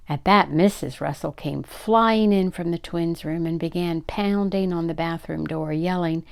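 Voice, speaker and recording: An older woman reading a children's story aloud, with a low, gravelly voice. She reads expressively and gives each character a voice of its own. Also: fairly even intonation, moderate pace, hardly any pauses, a little mellow.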